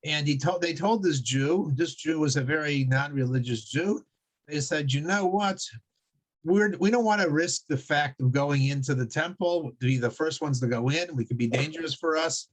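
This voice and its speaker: A man teaching a Torah class, telling stories in a halting way with many restarts and frequent chuckles. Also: on the high side. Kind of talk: religious class with storytelling.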